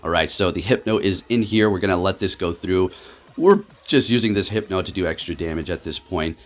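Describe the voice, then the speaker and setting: A man with a low voice runs his gaming channel, calling his matches live with lots of excitement. His reactions shift quickly from frustration to laughter.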